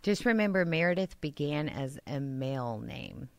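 A woman hosts a relaxed group conversation, teasing the others and laughing loudly. Her pitch jumps around a lot. The sound is dry and close. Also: moderate pace, vocal fry, dry recording. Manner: playful, teasing, bursts into loud laughter. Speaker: host. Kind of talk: casual group chat.

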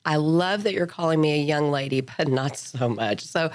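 A woman's voice: low-pitched, expressive, moderate pace, no room sound. Woman speaking through a cold. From Lubbock, Texas. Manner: self-deprecating, good-humored. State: has a cold. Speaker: guest, judicial candidate. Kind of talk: radio interview.

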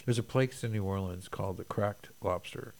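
A man's voice: lowish voice, moderate pace, darkish tone. A man from Texas chatting casually as co-host, rambling with lots of fillers and restarts. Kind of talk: casual chat.

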